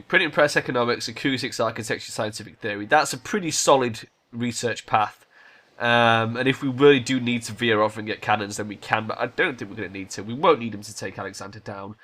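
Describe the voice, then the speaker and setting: A man's voice: lowish voice, steady tone, fast, a bit bright. A man hosting a strategy game let's play, casually thinking aloud and swearing now and then. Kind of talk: gameplay commentary.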